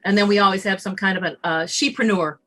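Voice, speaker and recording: A woman giving a motivational talk as a summit guest, emphatic and animated, acting out bits of dialogue. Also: mid-range voice, fast talker, faint music behind. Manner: emphatic and animated, acts out dialogue in shifting voices.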